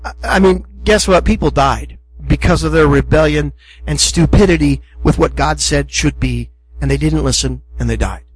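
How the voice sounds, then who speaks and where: A man's voice: a little high, normal speed, husky, poor audio. A middle-aged male pastor preaching a sermon in a conversational, emphatic way, acting out short asides.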